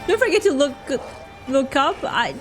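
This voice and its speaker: A young Australian woman with an Australian accent streams a game, chatting casually with viewers and answering chat as she plays. Her voice sits high with big pitch swings, her pace is measured, and music plays in the background.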